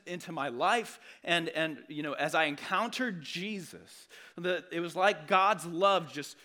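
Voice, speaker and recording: Bright-voiced male pastor preaching. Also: fairly high pitch, measured pace, hardly any pauses. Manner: conversational, earnest, with frequent restarts and dynamic swings. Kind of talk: sermon.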